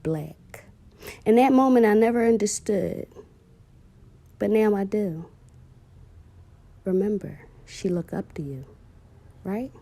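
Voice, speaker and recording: A woman's voice: mid-range voice, vocal fry, dark tone, husky. A woman, heartfelt and emotional, telling viewers a personal story about her daughter and calling them "y'all".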